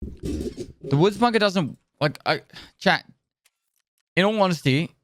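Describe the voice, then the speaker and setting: A man's voice: sits high, animated, slow, no room sound. Man rambling on a live stream. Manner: rambling, answers chat. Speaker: game streamer. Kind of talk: casual live-stream chat.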